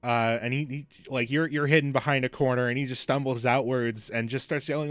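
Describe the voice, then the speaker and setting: A man's voice: mid-range voice, normal speed, hardly any pauses, a bit bright, no echo, faint music behind. A man running a tabletop role-playing game as game master, narrating the scene with lots of fillers and restarts. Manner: loose, filler-heavy narration.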